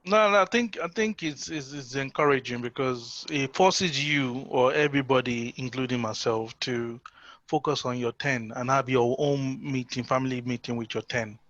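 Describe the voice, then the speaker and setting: A man's voice: mid-range voice, moderate pace, a bit bright, no echo, muffled recording. A man talking in an encouraging way on a video call, often restarting his sentences. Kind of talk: casual chat on a video call.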